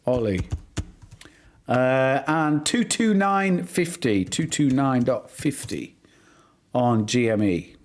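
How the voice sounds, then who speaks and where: Slow, bantering middle-aged male streamer. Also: medium pitch, lively intonation. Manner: bantering, teasing viewers by name. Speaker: livestream host. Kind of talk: casual live-stream chat.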